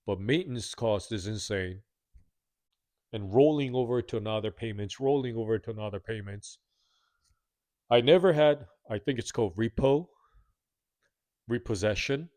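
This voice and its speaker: A man's voice: mid-range voice, a little mellow, no room sound. Candid, self-critical man in his thirties. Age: 30s. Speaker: vlogger. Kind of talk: confessional monologue to camera.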